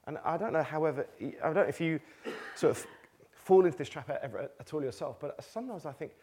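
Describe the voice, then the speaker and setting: A man's voice: a little high, expressive, fairly quick, warm tone, slightly rough. A man preaching a chatty sermon to a congregation, joking at his own expense and laughing between his points. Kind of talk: conversational sermon. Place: church meeting with a live congregation.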